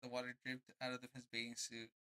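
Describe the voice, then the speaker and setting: A man's voice: mid-range voice, monotone, fairly quick, pushed and bright, poor audio. Laid-back young guy reading aloud on stream. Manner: laid-back, slangy asides between narration. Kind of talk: casual livestream storybook reading.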